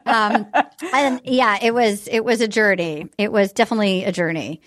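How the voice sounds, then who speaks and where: A woman hosting a podcast in casual chat, animated and quick to act out what others said. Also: medium pitch. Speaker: podcast host.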